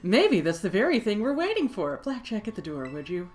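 A woman voicing a cheerful, doting mother in a video game, speaking in a lively, motherly way. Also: medium pitch, a little fast, soft background music, pitched above the performer's own voice, lightly acted.

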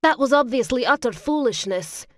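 A woman voicing a proud young Highland mother with a lilt in an audiobook, speaking in a wry, bitter, sharp way. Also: lively intonation, moderate pace, dry recording, studio quality. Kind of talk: audiobook character voice.

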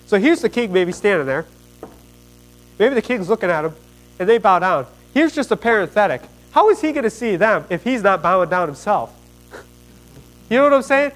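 A man preaching a sermon in a high-pitched voice. He retells a Bible story with folksy, animated energy, dropping casual slang as he talks to his congregation. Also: rough recording.

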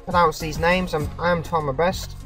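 A woman's voice: low-pitched, steady tone, normal speed, distant mic, music in the background, poor audio. A woman giving casual let's-play commentary and reading game dialogue aloud. She swears freely, laughs and stumbles over names.

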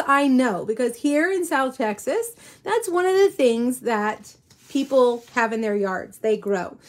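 Rambly chatty lady doing her weekly craft live stream, kinda high voice, lots of ums. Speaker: craft demonstrator hosting a weekly live show. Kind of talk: casual live-stream chat. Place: home in South Texas.

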